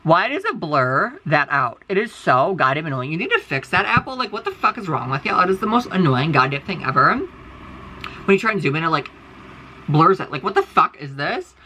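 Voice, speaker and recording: An American woman, a content creator, talks into her phone indoors in a casual, rambling monologue for her followers, blunt, profane, and full of fillers. Her voice is low-pitched with a bright, forceful tone, and the rough recording carries a little hiss or hum.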